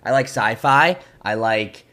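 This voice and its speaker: A young man co-hosting a podcast in casual chat, laughing easily as he talks. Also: unhurried. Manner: lively, jumps up and down in pitch, laughs easily. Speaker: podcast co-host.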